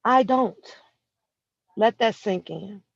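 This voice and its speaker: A vlogger sits in a vehicle and delivers a heated, profane rant straight at someone. Key words get drawn out slowly for emphasis. The recording is dull and lo-fi, with a dry, close sound. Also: mid-range voice, gravelly, no echo. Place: inside a vehicle.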